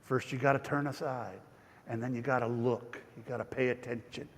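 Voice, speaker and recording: A man's voice: mid-range voice, steady tone, brisk. A male pastor giving a chatty, digressive Bible study, with frequent restarts. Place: church. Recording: church hall reverb.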